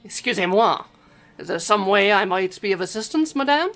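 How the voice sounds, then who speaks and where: A woman voicing a portly, pompous male detective with a put-on French accent, speaking slowly and grandly. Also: medium pitch, expressive, a bit bright, faint music behind.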